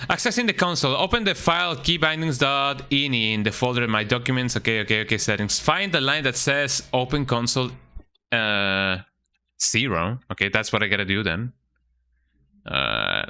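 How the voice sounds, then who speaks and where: A man's voice: medium pitch, sing-song, normal speed, sharp tone, clear, resonant tone. Chatty streamer man saying "eh?". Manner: chatty, tags sentences with "eh?", mutters while reading instructions aloud. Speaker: game streamer. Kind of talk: casual live-stream chat.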